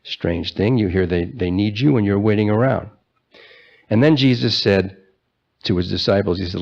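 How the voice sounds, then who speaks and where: A man preaching a sermon, retelling the scripture story in a conversational way and slowing down for the key lines. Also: lowish voice, gravelly, a little mellow, dull audio. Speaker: pastor.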